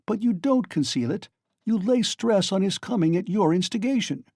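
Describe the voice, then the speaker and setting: A man's voice: sits high, lively intonation, moderate pace, darkish tone, no echo, studio quality, voice pushed up. A man reading aloud and voicing a sly, genial male magistrate who coaxes and teases with mock friendliness. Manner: coaxing, insinuating, mock-friendly.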